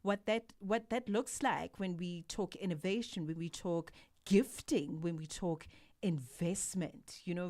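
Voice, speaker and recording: A woman's voice: fairly low pitch, a little mellow. A woman hosting a live drive-time radio show from a studio, upbeat and enthusiastic as she introduces a guest. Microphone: studio microphone.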